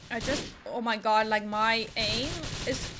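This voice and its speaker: A young woman commenting on her gameplay in a chatty, excitable way, swearing often. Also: on the high side, unhurried, background noise. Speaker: gaming video host. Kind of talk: live gameplay reaction commentary.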